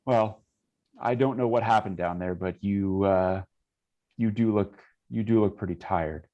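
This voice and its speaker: A cautious, professional woman aboard a ship, as a man game master voices her in a tabletop game. She speaks slowly and politely, stopping and restarting often, with a mid-pitched voice. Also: mellow, lo-fi sound, lightly acted. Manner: hesitant, polite, halting. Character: wary, professional young woman sailor.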